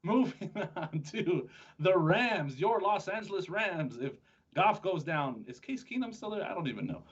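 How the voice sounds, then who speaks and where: Husky-voiced man hosting a chatty sports show. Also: high-pitched, lively intonation. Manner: chatty, joking, quick-talking with restarts. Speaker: podcast host. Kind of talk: casual sports chat. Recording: dull lo-fi sound.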